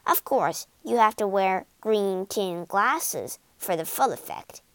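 Storybook role: a sheepish little old fake wizard with a croaky voice, read by a woman, slow, drawn out, lively in pitch, dry sound. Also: no room sound.

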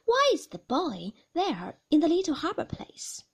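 A woman's voice: extremely high pitch, huge pitch swings, unhurried, pitched above the performer's own voice, exaggerated voice. A woman reading the part of a shy young woman who asks eager, nervously curious questions in a storybook reading.

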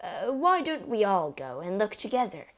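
A woman's voice: medium pitch, big pitch swings, moderate pace. A woman doing a timid, hesitant father. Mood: nervous. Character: timid, nervous middle-aged father.

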